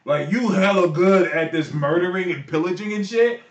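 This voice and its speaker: A man co-hosting a podcast, telling a story in an animated, slangy way and laughing often. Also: sits high, moderate pace, far from the mic, dull audio. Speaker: podcast co-host. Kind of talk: casual chat. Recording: echoey room, off-mic, faint noise.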